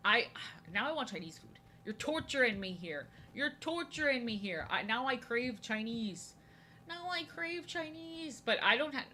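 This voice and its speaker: A woman's voice: mid-range voice, pushed and bright, slight background noise. A young woman chatting casually with her live chat while drawing, often saying things twice. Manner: chatty, answers chat, often repeats herself. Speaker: art streamer.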